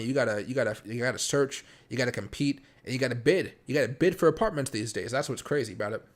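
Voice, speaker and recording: A man hosting a casual late-night crypto live stream from home, talking fast and rambling with lots of fillers and restarts. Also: medium pitch. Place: home room.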